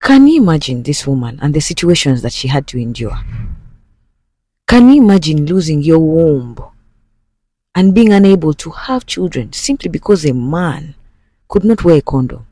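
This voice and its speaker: Man recapping a film, casual and animated, fairly high voice, dry close sound. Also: moderate pace, no echo. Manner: animated, speaks straight to viewers. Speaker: movie recap host. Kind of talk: casual story retelling.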